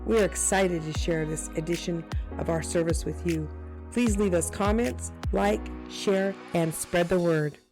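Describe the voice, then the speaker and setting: Woman announcer, scripted welcome, slow measured delivery, lowish voice, music clearly behind. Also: darkish tone. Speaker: service announcer.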